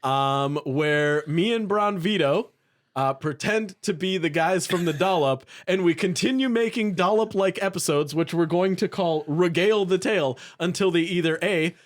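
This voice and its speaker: A man hosting a podcast in a joking, relaxed way and narrating as game master. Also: high voice, moderate pace. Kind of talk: casual podcast chat and tabletop narration.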